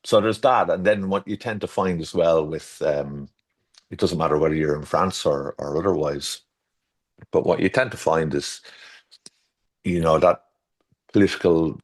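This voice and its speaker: A man with a deep, low voice chats casually as an interview guest. He rambles, restarts his sentences and drifts into storytelling asides, correcting himself as he goes. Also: normal speed. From Ireland. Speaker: garden designer guest.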